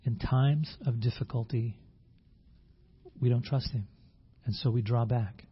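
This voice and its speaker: Male pastor, husky voice, earnest sermon, dull lo-fi recording. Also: mid-range voice, steady tone, unhurried. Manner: earnest, with repeated words and restarts. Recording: dull lo-fi sound.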